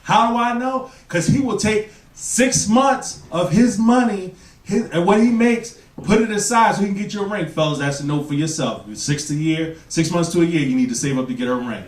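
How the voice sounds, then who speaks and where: A man's voice: high voice, a little fast, far from the mic. A man performing a stand-up comedy set on a club stage, talking to the audience and putting on voices for the people he mocks. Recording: roomy club, mic heard from afar, loud crowd. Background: audience laughter and applause.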